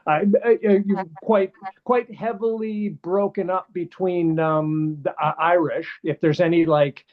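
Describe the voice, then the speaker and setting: A middle-aged man with a Canadian accent rambles through history trivia in a casual interview. His voice sits somewhat high for a man. The call audio is dull and lo-fi. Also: steady tone, unhurried. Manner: rambling, digressive, heavy on fillers and trivia. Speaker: guest comedian.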